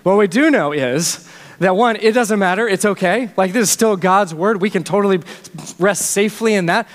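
Male pastor with a high voice, earnest chatty preaching, long hall reverb. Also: moderate pace. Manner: earnest, conversational preaching with frequent restarts. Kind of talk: sermon.

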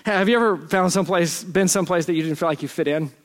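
A man's voice: sits high, fast. A man preaching a sermon as pastor in a church, conversational and self-deprecating, with playful asides. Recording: long church hall reverb.

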